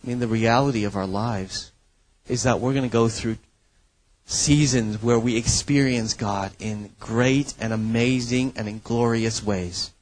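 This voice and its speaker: Male pastor, mid-pitch, deliberate sermon delivery, emphatic, dry studio-like sound. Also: fairly even intonation, dry recording, rough recording. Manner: earnest, emphatic preaching with frequent "right?" asides.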